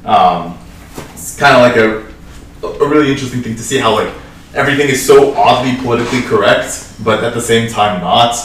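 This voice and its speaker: A film podcast co-host, a man with a medium-pitched, fairly bright voice, talks fairly quickly as he gives his opinionated take on a movie. His casual talk is full of "like" and "right?". The far mic picks up an echoey room and faint hiss.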